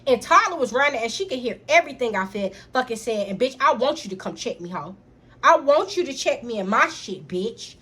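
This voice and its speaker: A young woman telling a personal story straight to camera in an animated, profane way, talking to her viewers as y'all. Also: fairly high pitch, fairly quick, slightly rough. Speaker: storytime vlogger. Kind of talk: casual storytime vlog.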